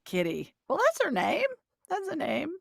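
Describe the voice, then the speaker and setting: A woman hosting a live call-in show, chatty and quick to laugh, her pitch jumping up when excited. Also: vocal fry, dry recording, clean studio sound. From Alabama, US South. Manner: chatty, laughs easily, lively swings in pitch. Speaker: host and intuitive reader.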